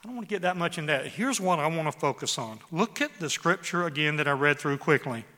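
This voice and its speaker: Man, pastor, sermon, bright forceful tone, dramatic scripture reading, long church-hall reverb. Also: fairly high pitch, expressive. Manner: reads scripture aloud with dramatic emphasis, slowing on key words.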